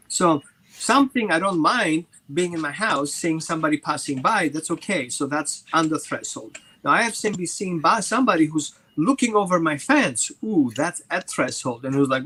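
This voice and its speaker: On a low-quality video call, a dog trainer explains things animatedly, acting out little scenes between dogs and people and voicing each in quoted asides. His voice is a little high and bright, with a forceful tone and a breathy edge.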